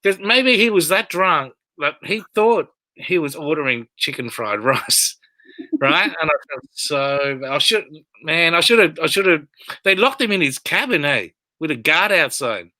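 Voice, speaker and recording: A man telling stories as a comedian guest on a video call, rambling and animated, shouting out quoted lines. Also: a little high, measured pace, no echo. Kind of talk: casual interview storytelling.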